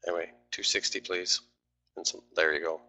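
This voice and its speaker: A man's voice: low voice, fairly even intonation, a little fast, bright, forceful tone. A man talking through live trades on a stream, grumbling and swearing at his trading platform.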